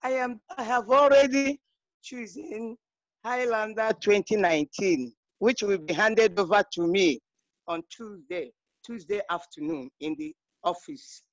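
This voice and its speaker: A woman's voice: mid-range voice, a little slow, no room sound. A woman director giving an emphatic, exhorting motivational speech on an online call. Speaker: network marketing director. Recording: dry, dull lo-fi call audio.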